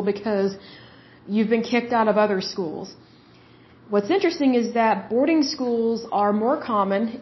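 A woman hosting a podcast from the United States, talking casually in a chatty, opinionated way with many asides and restarts. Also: medium pitch. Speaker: podcast host. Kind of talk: casual monologue. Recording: dull lo-fi sound.

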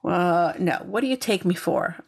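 A woman's voice: lowish voice, normal speed, gravelly, a little mellow, breathy edge. A woman with a New York accent, chatting casually with her co-host and playfully defending herself. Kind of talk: casual chat.

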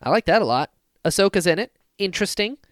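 A man in casual conversation on a podcast, his voice pitched a bit high and swinging widely as he gets worked up. He acts out moments with sudden loud exclamations. The sound is dry and close, with no room behind him. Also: quick pace, dry recording. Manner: excitable, acts out scenes with sudden loud outbursts. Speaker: podcast co-host. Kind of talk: casual fan discussion podcast.

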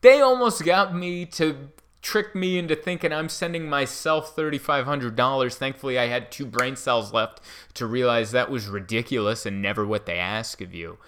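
A man in his mid-thirties telling a story in a rambling, self-mocking way, with animated bursts. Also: mid-range voice, moderate pace, few pauses, clean tone. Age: 30s. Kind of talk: casual storytelling monologue.

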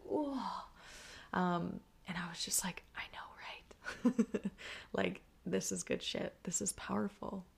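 A young woman hosts her podcast in a loose, open-hearted monologue, gushing and swearing without a filter. Her voice sits a little low and carries a gravelly fry. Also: darkish tone. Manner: candid and effusive, with frequent swearing and laughter. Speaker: podcast host. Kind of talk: casual personal monologue.

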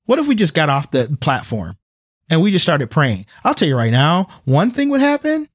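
A man's voice: on the high side, wildly swooping pitch, moderate pace, no echo, clean studio sound. A man co-hosting a faith-based podcast, speaking earnestly and emphatically, often restarting and repeating words. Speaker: podcast co-host.

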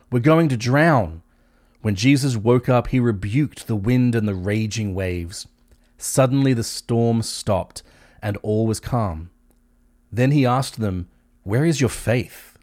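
A man giving a measured, steady scripture reading. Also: lowish voice, dry recording, studio quality. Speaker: Bible reader.

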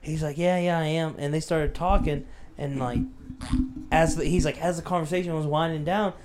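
A man's voice: a little high, steady tone, normal speed, heavy background noise. A man co-hosting a podcast who chats in an easygoing way and retells stories with lots of fillers. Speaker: podcast co-host. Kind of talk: casual chat.

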